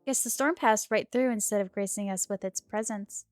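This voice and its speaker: Faint game music sits behind this clean, studio-quality recording with no room sound. A woman streamer, sore-throated, reads through a dating game at normal speed in a casual playthrough, her mid-range voice a little mellow. Between the lines she reads, she breaks off into chatty, giggly remarks.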